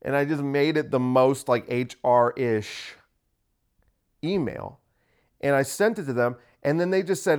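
A man's voice: mid-range voice, a little slow, darkish tone, clean tone. A man hosting a casual solo podcast, ranting sarcastically and swearing freely. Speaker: podcast host.

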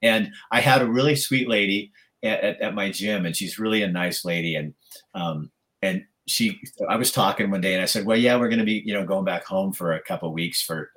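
A man's voice: deep voice, a little fast, a bit bright. Rambling, teasing male podcast host. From Oregon. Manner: rambling, with stammered restarts and teasing. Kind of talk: casual live-stream chat.

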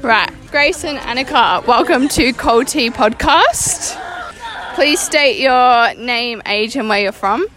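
A woman's voice: fairly high pitch, lively intonation, slow, a bit bright, poor audio. A woman hosting a podcast, interviewing friends as they walk to the beach, playful and teasing. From Australia. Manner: playful, teasing, laughs often. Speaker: podcast host. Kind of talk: casual interview while walking outdoors. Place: outdoors on a street, walking to the beach.

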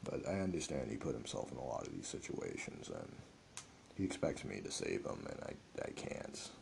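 A young man hosts his own podcast, speaking alone in an earnest, meandering way full of filler words. His voice sits very low with a gravelly fry and a dark, mellow tone. Faint background noise hums under the recording. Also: very animated, normal speed. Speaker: podcast host. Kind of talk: reflective solo podcast monologue.

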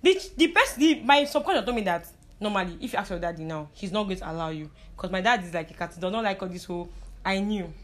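A woman's voice: medium pitch, lively intonation, fast talker. A young Nigerian woman telling stories in a casual chat. She mixes in pidgin and laughs often. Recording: crowd chatter in the background.

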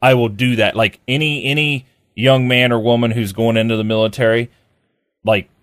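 This podcast host talks in a medium-pitched, steady voice at normal speed, drifting through casual chat with plenty of fillers and false starts. The sound is dry and studio quality.

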